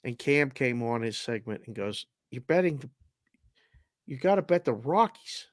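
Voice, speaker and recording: A man's voice: mid-range voice, lively intonation, normal speed, dry recording, clean studio sound. A man co-hosting a sports betting show, teasing his partner and pushing his picks hard. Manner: teasing, emphatic about picks. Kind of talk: casual sports talk banter.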